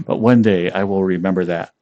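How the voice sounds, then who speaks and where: A man's voice: low voice, dry recording, muffled recording. A man streaming casually from home, playful and giggling often as he chats.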